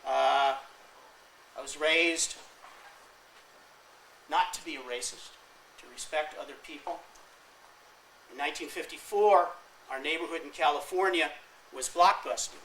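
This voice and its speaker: A man's voice: a little high, measured pace, long pauses, fairly bright tone. Wry storytelling man in his fifties, lecture hall. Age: 50s. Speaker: guest speaker. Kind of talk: classroom talk. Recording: distant mic with faint room noise.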